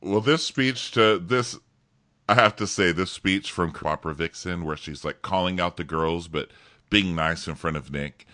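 A man co-hosting a casual comedic chat, sarcastic and mocking, laughing often and breaking into shrill mimicry. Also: normal speed, pushed and bright, dry recording, clean studio sound. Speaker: podcast co-host.

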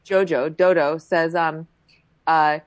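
A woman's voice: low voice, takes it slowly, no room sound. A woman casually chatting as a podcast co-host, recapping a reality show and acting out quotes with lots of fillers. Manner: expressive, acts out quotes, frequent fillers.

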